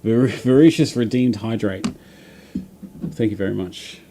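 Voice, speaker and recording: A man's voice: on the low side, unhurried, mellow, a little hiss or hum. An Australian man hosting a livestream, chatting casually and reading out viewer comments, rambling with lots of fillers and restarts. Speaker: livestream host.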